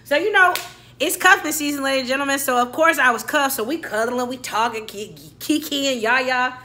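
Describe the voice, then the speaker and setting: A woman's voice: high voice, fairly quick, pushed and bright. A young adult woman, telling a dramatic story and acting out every character. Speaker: storyteller vlogger. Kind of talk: storytime vlog.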